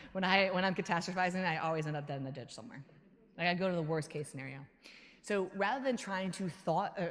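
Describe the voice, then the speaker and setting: Lively woman keynote speaker in a hall. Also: deep voice. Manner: energetic, laughing, acts out her inner voices. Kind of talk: conference talk answering audience questions. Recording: hall reverb.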